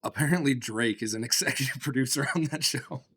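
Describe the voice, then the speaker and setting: Dude on a podcast, swears constantly, rambles on and laughs a bunch. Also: male voice, medium pitch, brisk, fairly bright tone, slightly rough. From Michigan. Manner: profane, rambling, laughs often. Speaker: podcast co-host. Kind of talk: casual podcast banter.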